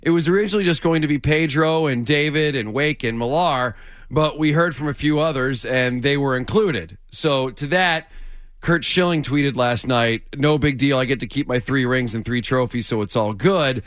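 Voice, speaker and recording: A man's voice: mid-range voice, moderate pace, no room sound. A man co-hosting a morning sports radio show, sharing news eagerly with many restarts. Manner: excited, stumbling over words. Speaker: radio co-host. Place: radio studio.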